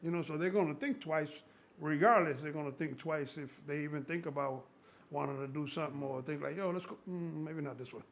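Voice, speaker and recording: A man in his sixties, a strength coach, talking casually in an excitable, profane, rambling way with a gravelly voice. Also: a little high, fairly quick, a little hiss or hum. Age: 60s. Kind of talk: casual conversation.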